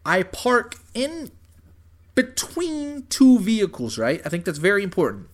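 A young man telling a story in casual chat, animated and profane, saying "dude" and "bro" constantly. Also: high voice, unhurried.

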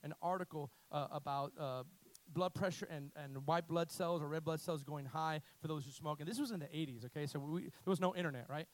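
A man preaching a sermon as pastor, leading his congregation in call-and-response and climbing to loud, emphatic peaks. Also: fairly high pitch, a little fast. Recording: echoey hall with faint music.

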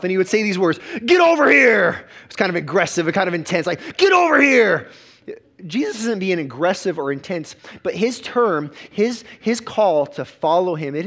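A man, a pastor preaching a sermon with emphatic repetitions and quick restarts. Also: sits high.

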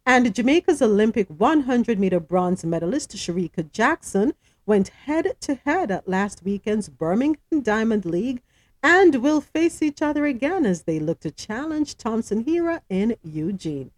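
A chatty news podcast host, she reads stories aloud, adds her own comments and questions for her co-hosts, and stumbles over names. Her voice is fairly high and sing-song, at a normal speed.

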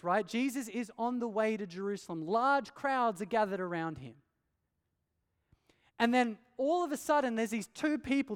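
A man's voice: high voice, clean tone. A man preaching an earnest sermon, asking rhetorical questions and pressing his points with emphasis. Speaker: pastor. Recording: long hall reverb.

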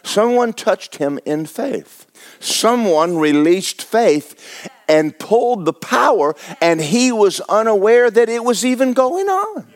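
A man's voice: sits high, lively intonation, slow. A male pastor, preaching a sermon in a folksy, humorous way.

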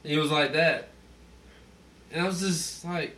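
A man's voice: fairly high pitch, steady tone, measured pace, bright, forceful tone, a little hiss or hum. A drunk man hosting a podcast, telling a story in casual chat, acting out quotes and swearing a lot. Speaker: podcast host.

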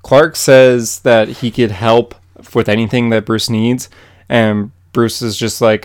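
A man's voice: medium pitch, slow pace, clear, resonant tone. A young man co-hosting a podcast, chatting casually and animatedly, with lots of fillers. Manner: animated, filler-heavy comic recaps. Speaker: podcast co-host. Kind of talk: casual chat.

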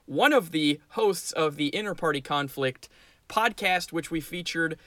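A man's voice: fairly high pitch, measured pace, bright, forceful tone, no room sound. A man co-hosting a podcast, chatting playfully about tabletop game scenarios and laughing often. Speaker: podcast co-host.

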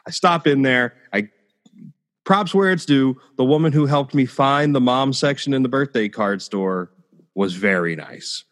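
Podcast host, man, mid-pitch voice, angry profane storyteller. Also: a little slow.

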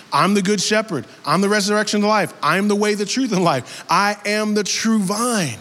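A high-voiced male pastor preaching to his congregation in a loose, conversational style that builds to loud, emphatic peaks. His voice carries a long reverb from a large hall. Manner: casual, animated preaching, rising to emphatic. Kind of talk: sermon.

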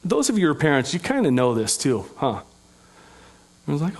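A man with a fairly high voice delivers a sermon from the pulpit. He preaches earnestly but conversationally, slipping in folksy asides and light humor. He sounds middle-aged. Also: huge pitch swings, brisk. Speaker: pastor.

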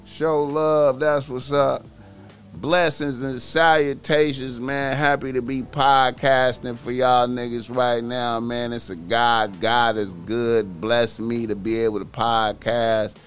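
Slow, profane, boastful male podcaster. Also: medium pitch, level tone, soft background music. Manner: slow, profane, boastful, calls himself by nickname in third person. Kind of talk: casual solo podcast monologue.

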